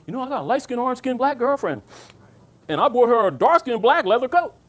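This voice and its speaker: A man's voice: very high-pitched, sing-song, quick pace, pitched above the performer's own voice, exaggerated voice. A man putting on a boastful man bragging about his girlfriend, in a mocking tone.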